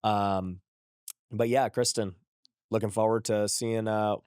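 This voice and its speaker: A man in his thirties hosting a casual interview, affirming his guest and wrapping up with a relaxed plug. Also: on the low side, slow pace, clear, resonant tone, no room sound, studio quality. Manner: affirming, short backchannels, relaxed promo wrap-up. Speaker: podcast host.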